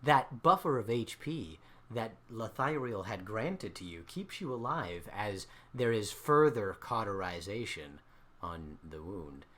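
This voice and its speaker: A man running a tabletop game as dungeon master, narrating with animated swings between hushed and loud delivery. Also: on the low side, measured pace.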